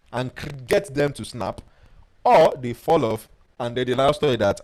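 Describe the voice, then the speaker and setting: A man leads a webinar as a life coach. His voice sits at a middle pitch but swings up and down with lively, expressive intonation. He tells personal stories with energy and stops now and then to read out viewer comments. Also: normal speed, poor audio. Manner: animated storyteller who reads out viewer comments.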